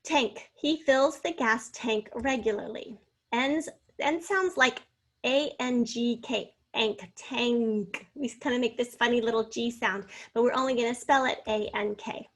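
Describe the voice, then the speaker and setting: A woman with a slightly high voice teaches a spelling lesson. She sounds out each word slowly and clearly, syllable by syllable, and then reads an example sentence. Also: fairly bright tone. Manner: slow, clearly enunciated, sounding out words.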